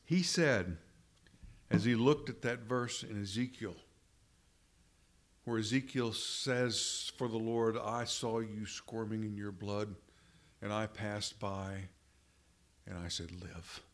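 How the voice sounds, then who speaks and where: A man preaching a sermon, slow and deliberate, repeating phrases for emphasis and addressing the congregation as brethren. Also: fairly low pitch, steady tone. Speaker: pastor.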